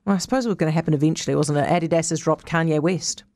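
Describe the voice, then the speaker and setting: A woman with a New Zealand accent hosting a live news show, talking in a brisk, chatty and direct way. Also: low voice, darkish tone, no echo, studio quality. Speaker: radio news host.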